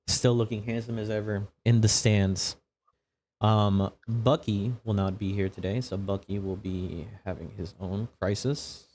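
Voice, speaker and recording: A man's voice: on the low side, darkish tone. A man narrating as game master of a tabletop game, casual and profane with a rambling delivery.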